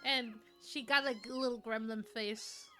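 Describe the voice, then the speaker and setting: A woman's voice: a little high, fairly even intonation, normal speed, sharp tone, soft background music. A woman streamer chatting casually on a livestream, gushing and cooing in baby talk at a cat video. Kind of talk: casual livestream reaction chat.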